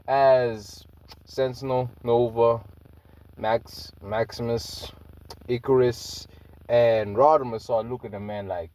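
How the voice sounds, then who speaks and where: A man's voice: mid-range voice, a little slow, darkish tone. A man telling a fan-made story in a rambling, slangy way, with many fillers.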